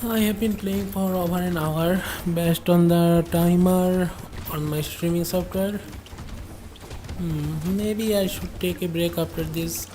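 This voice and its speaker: Slow, flat-voiced woman streaming a game. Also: lowish voice, noisy background. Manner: musing, rambling asides to chat. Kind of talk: livestream gameplay commentary.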